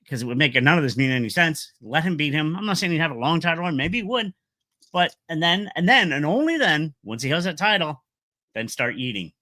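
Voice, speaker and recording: A middle-aged man giving a casual, opinionated wrestling recap, rambling with fillers and quick asides. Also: mid-range voice, pushed and bright, dry recording. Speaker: wrestling vlogger.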